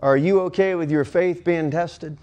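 Emphatic pastor preaching. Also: male voice, moderate pace, a little mellow, lo-fi sound. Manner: preaching with emphatic swings in pitch and pace. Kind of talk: sermon.

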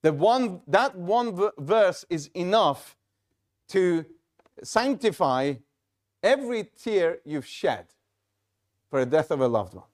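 Slow-speaking high-voiced male pastor. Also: very animated, a little mellow. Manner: measured, halting delivery with frequent restarts. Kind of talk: sermon.

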